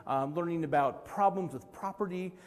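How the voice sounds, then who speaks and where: A man's voice: fairly high pitch, normal speed. A middle-aged man from Utah giving an earnest, story-filled speech as president of an organization at a live conference. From Utah, USA. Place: large convention hall. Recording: long hall reverb.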